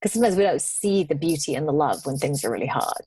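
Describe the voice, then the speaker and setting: Lower-pitched woman telling travel stories. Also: fast talker, breathy edge, dry recording. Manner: animated, laughs while telling stories. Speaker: podcast guest. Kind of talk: storytelling in casual conversation.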